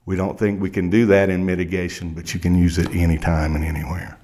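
Low-voiced Kentucky lawyer telling a story. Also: male voice, flat delivery, fast, warm tone, a little hiss or hum. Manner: dramatic present-tense storytelling. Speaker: criminal defense lawyer, guest. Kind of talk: courtroom storytelling.

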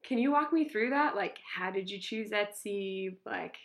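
A woman's voice: medium pitch, expressive, unhurried. Female host, casual chat, loose rambling questions. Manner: friendly, asks long rambling questions. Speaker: interview host. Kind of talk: casual interview.

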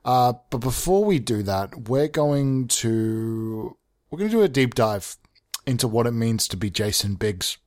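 A man hosting a comedy podcast, swearing often and swinging between loud excited bursts and mock-calm mumbling. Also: mid-range voice, unhurried. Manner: swears a lot. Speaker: podcast host. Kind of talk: absurdist comedy monologue.

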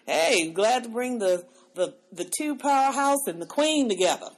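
An upbeat woman hosts a podcast in casual chat. Her voice sits a little high, and she repeats words as she goes. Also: animated, moderate pace. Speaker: podcast host.

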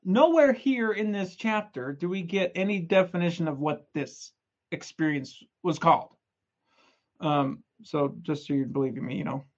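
A young man giving a casual, energetic scripture lesson, retelling stories in a chatty, playful way. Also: on the high side, muffled recording. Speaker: scripture study presenter.

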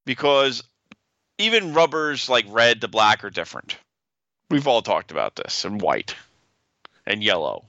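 A man's voice: medium pitch, very animated, unhurried, pauses often, pushed and bright, dry recording, muffled recording. A man co-hosting a casual podcast, talking in a playful, joking way. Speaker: podcast co-host.

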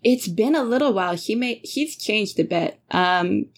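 A woman's voice: mid-range voice, lively intonation, moderate pace, husky. A woman running a tabletop game, hesitant and giggly, with many ums. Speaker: game master.

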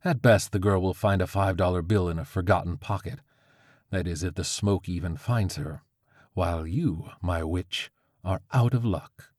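A man voicing a sardonic male crow familiar with a slow, drawling, dire delivery. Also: low voice, darkish tone, no room sound, clean studio sound. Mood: smug.

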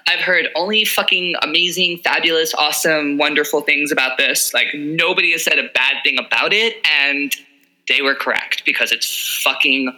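A man's voice: on the high side, moderate pace, pushed and bright, rough recording. A man with a Long Island accent co-hosting a podcast, gushing in casual chat and swearing freely. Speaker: podcast co-host.

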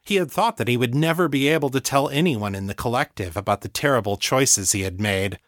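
A man narrating a serialized audiobook with steady, measured storytelling. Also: mid-range voice, no room sound, clean studio sound. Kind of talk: scripted narration.

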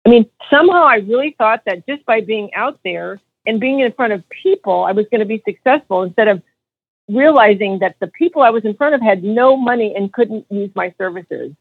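A woman in her fifties speaks over a tinny, dry phone line, with a slightly husky voice. She tells her story with energy and acts out the voices of the people in it. A podcast guest looking back on her career. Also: mid-range voice, a little fast, no echo. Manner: animated storyteller acting out quotes. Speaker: podcast guest, financial advisor. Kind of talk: storytelling interview answer.

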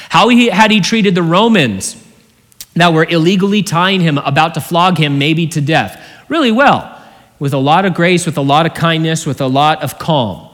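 A man preaching an expository sermon as a pastor, earnest and full of rhetorical questions, his voice often dropping low at the ends of phrases. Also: fairly bright tone. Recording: long hall reverb.

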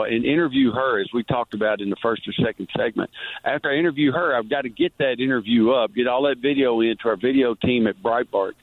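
A man calling in as a radio guest, rambling through stories with animated energy. His voice comes through a tinny phone line, completely dry, at a middle pitch for a man. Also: no echo. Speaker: guest journalist. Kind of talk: casual radio chat.

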